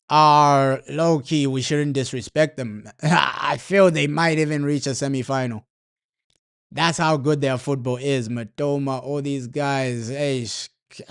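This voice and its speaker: A man's voice: medium pitch, clear, resonant tone. A man streaming a football watchalong, talking casually in heavy slang and ranting over and over about his team's manager. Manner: slangy, repetitive, frustrated ranting. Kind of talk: casual live match commentary.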